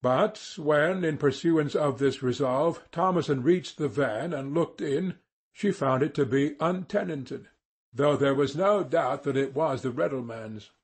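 Guy reading an old novel out loud, husky voice, steady and measured. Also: a little high. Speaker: audiobook narrator. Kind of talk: scripted narration.

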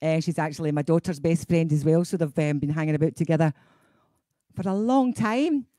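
A woman's voice: deep voice, a little fast, mellow, dry recording, studio quality. A middle-aged woman with a Scottish accent, a singing teacher hosting a casual live stream, chatty and laughing, going off on tangents.

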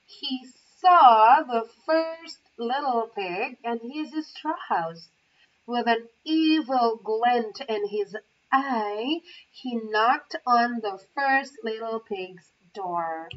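A woman's voice: a little high, very slow, a little hiss or hum. A woman training as an English teacher, reading a children's story aloud carefully, with small asides. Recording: muffled, from far off the mic.

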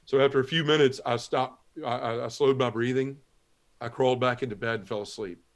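A man's voice: medium pitch, steady tone, brisk. Man telling a vivid personal testimony. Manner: vivid storyteller acting out dialogue. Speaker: guest.

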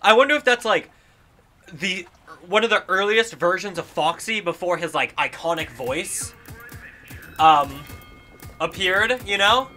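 Young man, let's-play commentary, high bouncy voice, bright, excitable, game music faint behind. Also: unhurried, pauses often. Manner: excitable, exclaiming, talking to himself while playing. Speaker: gaming YouTuber.

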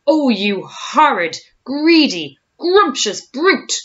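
A shrill, indignant storybook hippopotamus, put on by a woman, his voice jumping high with outrage and swinging widely. The recording is dull and lo-fi. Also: very animated, takes it slowly, fairly bright tone, heavily acted. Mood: outraged.

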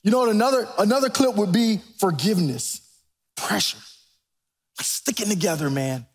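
A man preaching a sermon as pastor in a church, animated and preacherly, rising to near-shouts. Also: high-pitched, moderate pace. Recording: reverberant church sanctuary.

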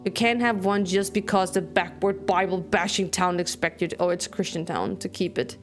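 A woman's voice: fairly low pitch, a little fast, faint music behind, lightly acted. A woman reading as Sarah, hurt and frustrated. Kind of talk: reading game dialogue aloud.

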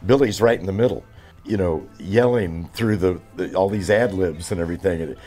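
A man in his seventies with a very low, deep voice, telling stories in an interview. He rambles, with plenty of fillers and restarts, and sounds enthusiastic. Faint music plays behind him. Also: moderate pace, mellow. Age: 70s. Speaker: drummer.

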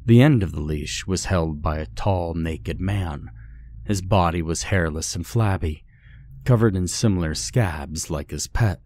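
A man giving a scripted horror story narration in a measured, grave storytelling manner. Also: low voice, a little mellow, slight background noise.

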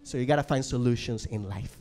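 A young man from Venezuela, a native Spanish speaker with a Venezuelan Spanish accent, doing an animated stand-up comedy set, swearing and acting out voices. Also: medium pitch, fairly quick. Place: comedy club stage. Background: audience laughter.

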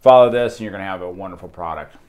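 A man's voice: low voice, rapid-fire, a little mellow, dull audio. A middle-aged man co-hosting as a butcher, chatting casually and joking while he tastes the food. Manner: enthusiastic, jokey. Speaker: butcher and co-host. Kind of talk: casual tasting chat.

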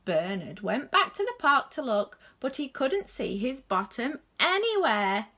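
A woman from a nursery reading a children's story aloud with slow, expressive delivery. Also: high-pitched, breathy edge.

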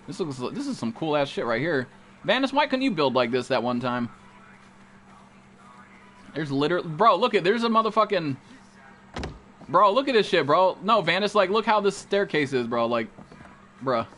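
A man's voice: fairly high pitch, big pitch swings, normal speed, pauses often, bright, forceful tone, a little hiss or hum. Brash, profane young male game streamer. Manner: brash, profane trash talk to chat. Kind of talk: live gameplay commentary.

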